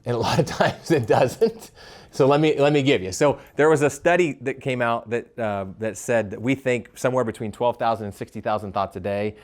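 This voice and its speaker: A man giving a live leadership workshop, animated, asking the audience questions and stumbling over quick restarts. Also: mid-range voice. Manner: animated, asks the crowd questions, stammers on restarts. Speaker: leadership speaker.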